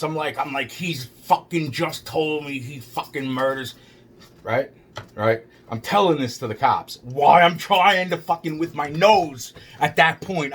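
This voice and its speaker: A man's voice: on the high side, fairly bright tone, husky. A man telling a rambling first-person story, agitated and full of profanity, repeating himself as he goes. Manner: heavily profane, agitated, repetitive.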